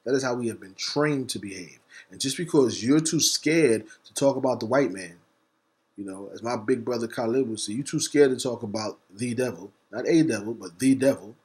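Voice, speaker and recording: A man hosting a talk segment gives a heated, preacher-style monologue in a medium-pitched, somewhat dark voice. His delivery jumps from quick bursts to slow, weighted words, and at times he spells words letter by letter.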